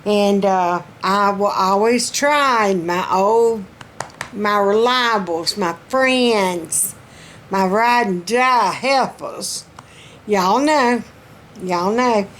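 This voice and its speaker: Slow-talking Southern woman, folksy and chatty. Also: medium pitch, fairly bright tone, slight background noise. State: throat strained. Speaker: vlogger. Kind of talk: casual personal update vlog.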